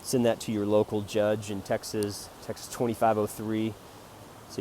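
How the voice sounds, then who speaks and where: A man rambling jokingly about his photo prints in a self-promoting monologue, jumping between loud bursts and quiet mutters. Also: fairly low pitch, normal speed, a little hiss or hum. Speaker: amateur photographer selling prints.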